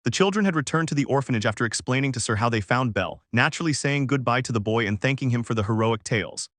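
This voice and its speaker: A man reads a fan story aloud in an even, flat manner. His voice sits at a medium pitch, and the sound is dry and close. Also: quick pace, no echo. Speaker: narrator.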